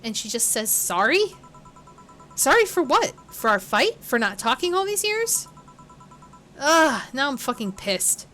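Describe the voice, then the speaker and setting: A woman streamer voicing a blunt, grieving woman who swears when angry, with soft game music behind. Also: mid-range voice, fairly even intonation, moderate pace, close to an everyday voice. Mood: exasperated.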